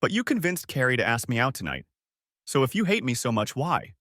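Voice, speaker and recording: A man's voice: medium pitch, sing-song, fairly quick, a bit bright, dry recording. Remorseful broken ex-wife, read by a man, audiobook story, sad and pleading, dry close sound. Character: remorseful, broken middle-aged woman, ex-wife.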